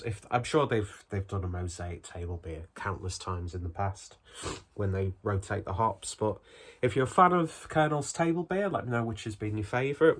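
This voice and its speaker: A man, still out of breath from a cold, chatting his way through a casual beer review at home in a rambling, self-deprecating manner. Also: lowish voice.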